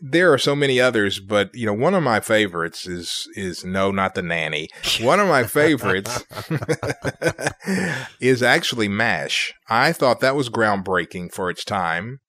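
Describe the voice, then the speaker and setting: A man in his fifties from the Southern US, co-hosting a radio chat and speaking hesitantly with many pauses and restarts. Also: lowish voice, animated, pushed and bright, no echo, clean studio sound. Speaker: radio co-host. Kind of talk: casual on-air chat.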